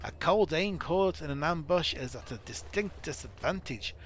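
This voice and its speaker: A man's voice: fairly high pitch, animated, moderate pace, fairly bright tone, a little hiss or hum, pitched above the performer's own voice. A man playing a blunt dwarf commander. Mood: urgent.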